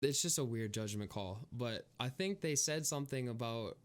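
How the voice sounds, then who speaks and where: A man's voice: medium pitch, moderate pace. A young man co-hosting a casual podcast, rambling with lots of fillers and frequent laughter. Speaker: podcast co-host. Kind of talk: casual chat.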